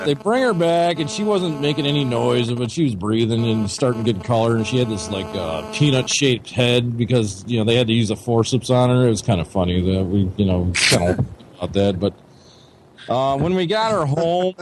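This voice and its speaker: A man's voice: mid-range voice, expressive, normal speed, poor audio. A man with a Midwestern American accent, co-hosting a casual chat and telling a long story full of swearing. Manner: profane, rambling storyteller. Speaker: podcast co-host. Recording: faint background noise.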